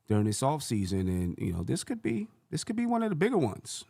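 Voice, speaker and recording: Gravelly low-voiced man talking basketball. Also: very animated, quick pace, few pauses, warm tone, dry recording, clean studio sound. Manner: rambling, thinks aloud with self-corrections. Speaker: sports channel host. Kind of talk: casual basketball commentary.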